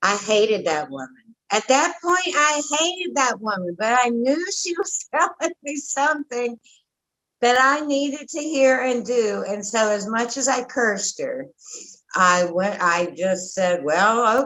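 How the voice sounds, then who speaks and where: A woman's voice: a little high, sing-song, takes it slowly, a bit bright, rough recording. Lady in her 50s, blunt and raw, telling her recovery story, wanders off on tangents. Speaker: interview guest.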